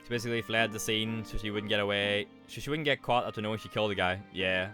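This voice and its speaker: A man giving casual let's-play commentary on a mystery game, reacting and cursing freely. Game music runs clearly behind his voice. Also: fairly low pitch, fairly even intonation, fast talker. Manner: swears freely, reacts loudly. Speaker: streamer playing a mystery game.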